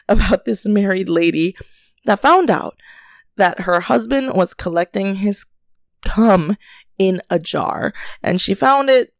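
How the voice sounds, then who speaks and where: A young woman hosting a podcast, telling a story in a chatty, animated rant with frequent swearing and laughter. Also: on the low side, dry recording, clean studio sound. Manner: chatty, animated, swears freely, laughs often, many fillers. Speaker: podcast host. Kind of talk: casual chat, storytelling rant.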